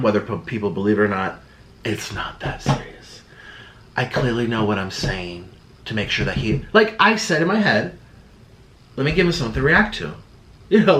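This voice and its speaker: A man's voice: mid-range voice, bright, forceful tone, slight background noise. A young man YouTuber talking casually to camera, rambling and defensive, slipping into sarcastic quoted voices. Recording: echoey room.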